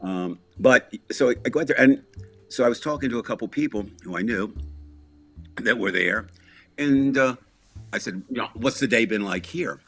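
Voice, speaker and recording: A man's voice: medium pitch, moderate pace, fairly bright tone, soft background music. A man chatting casually as a podcast co-host, telling a long story in a rambling way with restarts, asides and small chuckles.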